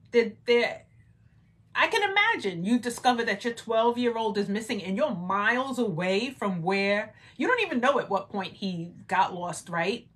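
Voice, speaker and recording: A woman's voice: medium pitch, big pitch swings, moderate pace, a bit bright. A woman leading a Bible study, reading scripture and commenting in a conversational way, often adding "right?" and rising to emphatic exclamations. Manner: conversational, rhetorical "right?" asides.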